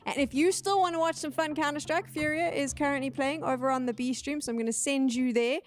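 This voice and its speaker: A woman hosting an esports analysis desk, brisk and steering the talk, at times exasperated. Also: high voice, steady tone.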